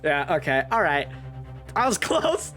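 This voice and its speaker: Male streamer, sarcastic asides, lively pitch, faint music behind. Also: unhurried. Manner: wry, sarcastic, swears freely. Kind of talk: casual game commentary.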